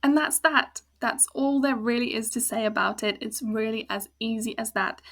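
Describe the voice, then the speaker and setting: A woman's voice: a little high, fairly bright tone. A woman with a South African accent teaching a language lesson, patiently breaking words into sounds and syllables. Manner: patient, slow explaining with spelled-out sounds. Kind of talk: casual spoken lesson.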